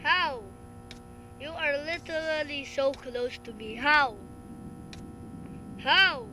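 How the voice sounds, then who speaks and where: A high-voiced woman narrates her game in slow, drawn-out bursts, jumping from shrieks to mutters. Loud game music plays behind her. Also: poor audio. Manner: shrieky, jumpy, bursts of squealing and laughter. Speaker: gamer streaming play. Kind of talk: excited game commentary.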